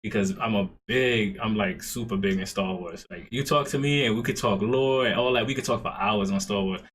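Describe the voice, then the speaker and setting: A man hosting a casual podcast, talking in a relaxed, encouraging, slangy way. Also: fairly low pitch, a little fast, a little hiss or hum. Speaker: host.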